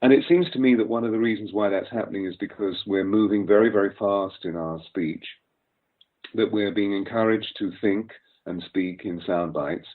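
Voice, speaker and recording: Deep-voiced older man with RP accent. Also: normal speed. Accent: Received Pronunciation. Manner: articulate, lecturing, long flowing sentences. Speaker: voice coach guest. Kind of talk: expansive interview explanation. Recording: tinny phone-like sound.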